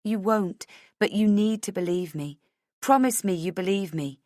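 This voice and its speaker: A woman voicing a frantic young wife who is sure she is being hunted, urgent and pleading, at times shouting. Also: medium pitch, moderate pace, dry recording, clean studio sound, lightly acted.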